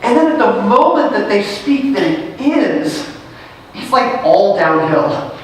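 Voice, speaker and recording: A woman's voice: medium pitch, very animated, slow, far from the mic, a little hiss or hum. A woman pastor giving a sermon in a church sanctuary. She reads scripture aloud, then explains it in a conversational way and asks her listeners questions. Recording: very echoey sanctuary, picked up from afar.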